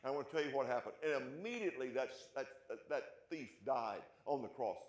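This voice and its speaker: A man preaching a sermon as pastor, asking his congregation questions and punching key points, then dropping to a hush. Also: mid-range voice, animated, brisk, reverberant. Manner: emphatic, rising loud on key points, then dropping quiet; asks the congregation rhetorical questions.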